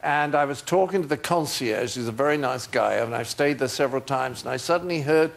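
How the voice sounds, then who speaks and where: A man in his sixties, a chat show guest, telling anecdotes in an animated way. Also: mid-range voice, a little fast, creaky.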